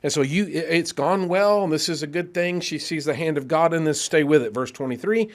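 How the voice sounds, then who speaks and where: A man leads a Bible class in a church, reading scripture aloud and explaining it. His voice sits a little high, and he grows animated, hurrying when excited before checking himself to slow down. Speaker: preacher.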